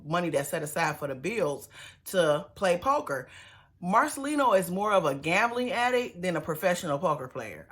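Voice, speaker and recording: A woman's voice: fairly low pitch, a bit bright. Woman, vlogger, casual TV recap, sassy, chatty, talks to her viewers.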